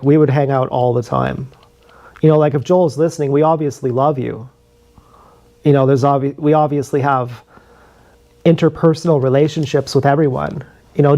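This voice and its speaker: A man's voice: fairly high pitch, darkish tone. Rambling, profane man on a stream. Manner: loose, profane, full of fillers and restarts. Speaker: live streamer. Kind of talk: rambling casual storytelling. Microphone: streaming camera mic.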